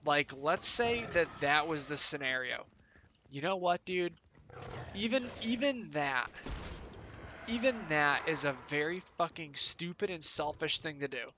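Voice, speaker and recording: A man's voice: on the high side, expressive, a little slow, background noise. A young man streaming a game, chatting casually in a rambling, profane, incredulous way. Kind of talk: casual chat while gaming.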